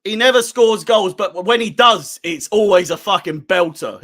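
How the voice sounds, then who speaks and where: A hoarse man, hosting a live match watchalong for a fan channel, swearing heavily and swinging between low muttering and screaming. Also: moderate pace, a bit bright.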